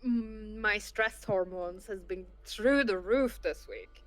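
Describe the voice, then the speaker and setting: A woman's voice: mid-range voice, slow pace, no echo. A woman telling a story in casual chat, full of filler words. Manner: chatty, many filler "like"s. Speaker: tabletop game player.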